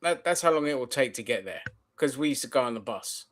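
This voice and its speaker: A man's voice: mid-range voice, animated, fast talker. A man hosting a casual podcast chat, talking animatedly and swearing, explaining things at length. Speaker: podcast host.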